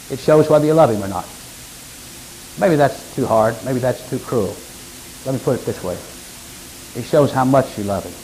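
A male preacher works through scripture in a sermon. His voice sits at a medium pitch, and he often climbs into sudden emphatic, louder peaks. A faint hiss runs under the recording. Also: poor audio.

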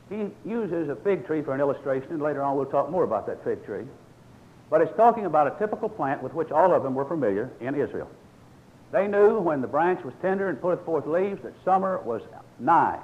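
A man's voice: fairly high pitch, dull audio. An older man preaching a sermon, explaining scripture in a folksy, storytelling way and reading verses aloud.

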